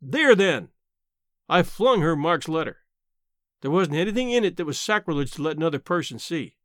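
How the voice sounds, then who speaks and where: A male audiobook narrator telling a first-person story with expressive delivery. His voice is high-set and animated, with wide pitch swings. The sound is close and dry. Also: brisk, no echo.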